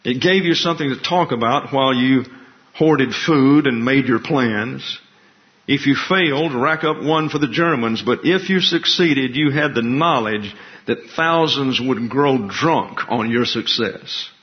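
A man giving a history presentation in a steady, measured reading voice, with occasional asides. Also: mid-range voice. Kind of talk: reading a prepared history talk. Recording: dull lo-fi recording.

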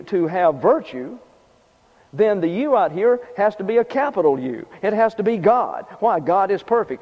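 A man preaching a sermon in a conversational way, repeating his points and adding casual asides. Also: a little high. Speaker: pastor. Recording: dull lo-fi sound with long reverb.

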